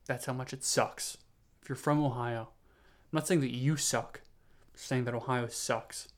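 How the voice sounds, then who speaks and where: A young man talks alone into his podcast mic, drifting from one tangent to the next. He sounds tired and low on steam, and he keeps stopping to restart sentences and poke fun at himself. His pitch sits in a plain middle range. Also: fairly even intonation, a little slow. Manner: meandering, self-mocking, full of fillers and restarts. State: tired, yawning. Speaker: podcast host. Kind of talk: rambling solo podcast monologue.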